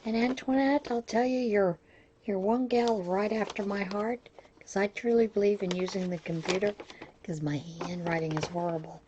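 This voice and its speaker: Brief: chatty female crafting vlogger, mellow warm tone, effusive unboxing talk. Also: medium pitch, fairly even intonation, moderate pace, highs cut off, slight background noise. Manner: chatty, gushing over each item. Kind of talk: casual unboxing chat.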